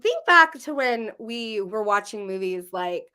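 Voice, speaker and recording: A woman's voice: mid-range voice, big pitch swings, unhurried, bright, forceful tone, clean tone. A woman co-hosting a podcast, chatting casually and laughing often. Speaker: podcast co-host. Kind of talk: casual chat.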